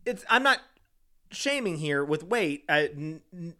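A man co-hosting a casual podcast chat, talking in a giggly, animated way with lots of laughter. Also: a little high, unhurried. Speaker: podcast co-host. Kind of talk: casual chat recapping a reality show.

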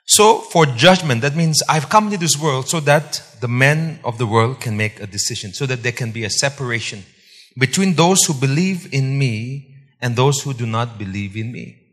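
Male pastor, husky voice, emphatic sermon delivery with repetition and questions to the congregation, long hall reverb. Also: medium pitch, lively intonation, normal speed. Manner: emphatic, repeats key points, quizzes the congregation.

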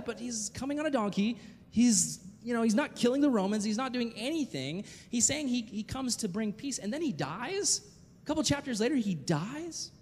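A man's voice: very high voice, darkish tone. A man preaching a sermon, reading scripture aloud and asking the listeners rhetorical questions. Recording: long hall reverb.

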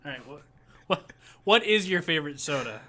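A man's voice: on the high side, expressive, moderate pace, sharp tone. A young man from Minnesota co-hosting a casual chat, joking, laughing often and swearing offhandedly. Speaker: podcast co-host.

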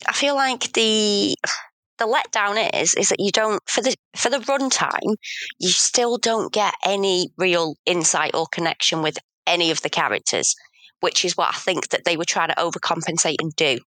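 Woman cohosting a film podcast, bright tone, hedges a lot, pokes fun at herself. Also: fairly low pitch, moderate pace, no room sound. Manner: thoughtful, hedging, self-mocking. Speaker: podcast co-host. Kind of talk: casual film review chat.

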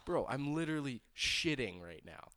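A man's voice: medium pitch, very animated, moderate pace, bright, forceful tone. A young man co-hosting a casual podcast, telling crude stories with lots of swearing and acted-out voices. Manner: crude storytelling, swears a lot, acts out others' voices. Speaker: podcast co-host.

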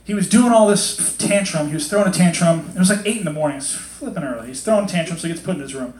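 Male pastor, slightly high voice, loose chatty sermon, plays out quotes in voices, echoey hall. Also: fast talker, a little mellow. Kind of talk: casual sermon. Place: hot hall with a congregation.

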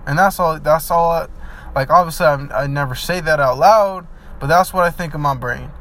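A man's voice: fairly high pitch, normal speed, fairly bright tone. A man speaking in an earnest motivational vlog monologue, heartfelt and rambling with fillers, then blunt and emphatic. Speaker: vlogger.

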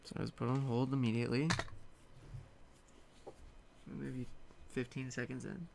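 A man chatting casually to his viewers while stuck on hold, rambling and joking in a deadpan way. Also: medium pitch, unhurried, vocal fry, heavy background noise. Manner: deadpan, rambling, muttering jokes to himself. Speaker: vlogger.

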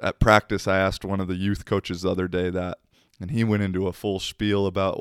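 A man with a low, resonant voice tells a loose, rambling story to the camera. He laughs often and swears casually along the way. The recording is dry and close, with no room sound. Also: fairly even intonation, brisk, smooth, no room sound.

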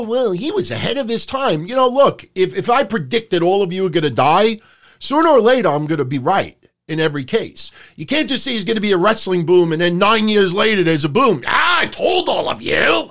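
A man's voice: high voice, fairly bright tone. A man in his forties hosting a podcast, talking bluntly in a casual, opinionated rant and swearing freely. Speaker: podcast host. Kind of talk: casual opinionated wrestling talk.

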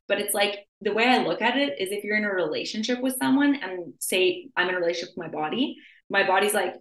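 A young adult woman hosting a podcast in casual chat, animated and constantly saying "like" as she acts out her own inner voice. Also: mid-range voice, fast, echoey room, low-quality recording. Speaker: podcast host.

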